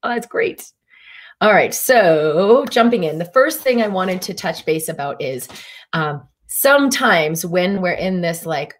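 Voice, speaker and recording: A woman's voice: lowish voice, expressive, unhurried. A woman physician hosting a live stream, talking casually with a meandering style full of fillers and restarts. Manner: meandering, easygoing talk with frequent fillers and restarts. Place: Durango, Colorado.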